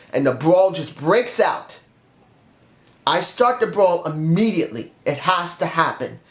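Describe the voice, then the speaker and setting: A man in a casual, earnest monologue, pitching a wrestling storyline and repeating his points for emphasis. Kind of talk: casual fantasy-booking monologue. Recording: roomy echo.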